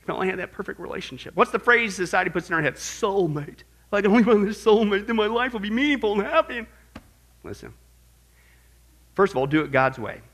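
A male pastor delivering a sermon in a bright, forceful voice. He talks in an animated, joking way and keeps asking his congregation rhetorical questions. His voice sits fairly high. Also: fast.

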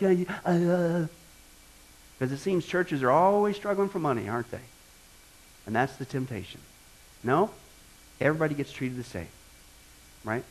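High-voiced pastor man, chatty sermon. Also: poor audio. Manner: storytelling with rhetorical questions, animated. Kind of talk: conversational sermon.

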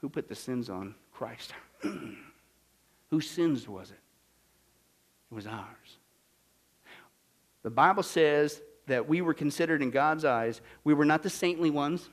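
Male pastor, high voice, dramatic sermon, hushed to loud. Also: expressive, takes it slowly, pauses often.

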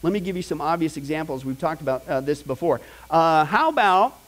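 A middle-aged man teaching a Bible class in a high, lively voice. He talks to his students casually, asks them questions and acts out the people he quotes. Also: a little fast, rough recording.

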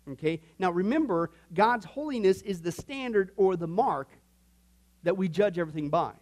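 A man's voice: sits high, animated, normal speed, a little mellow. A man teaching an informal Bible class, folksy and joking, often slipping into quoted voices.

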